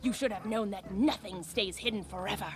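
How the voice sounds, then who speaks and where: A woman's voice: medium pitch, brisk, close to an everyday voice. A woman voicing a fanatical, vengeful female cult priestess in a video game, declaiming accusations. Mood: accusing. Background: game music.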